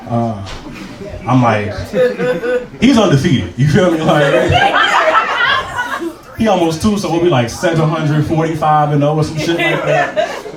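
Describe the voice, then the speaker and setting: This stand-up comedian, a young man with a higher-pitched, animated delivery, takes his time and leaves long pauses as he spins profane stories and plays to the room. The recording is very noisy, distant and roomy, picking up the club crowd around him.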